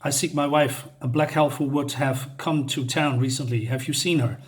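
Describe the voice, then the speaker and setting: A man's voice: mid-range voice, fairly even intonation, normal speed, natural voice. A man reading aloud the lines of a grim male black elf warrior who speaks in formal, archaic phrasing. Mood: stern. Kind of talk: reading comic dialogue aloud.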